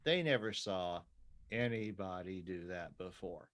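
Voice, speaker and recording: A middle-aged man in casual chat who tells stories with energy, swears freely and jumps up in pitch when he quotes people. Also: unhurried. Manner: animated storyteller, swears freely, jumps to high pitch when quoting others.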